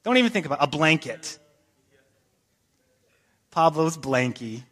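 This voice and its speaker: A man's voice: on the high side, very animated, measured pace, a bit bright, husky, big-room sound. A man preaching a sermon, talking in a casual way with joking asides and reading scripture with emphasis. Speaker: pastor. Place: church sanctuary.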